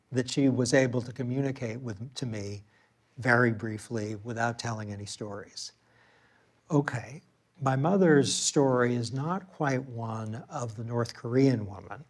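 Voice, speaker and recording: A man giving a public lecture in a room with an audience, telling a personal story in a conversational way with occasional fillers and restarts. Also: medium pitch.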